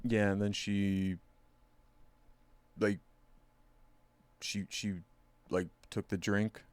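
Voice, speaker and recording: Male co-host, casual and rambling, low and smooth, dry close-miked sound. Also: flat delivery, drawn-out words, dry recording. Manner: rambling, swears freely, acts out quoted voices. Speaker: podcast co-host. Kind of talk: casual chat.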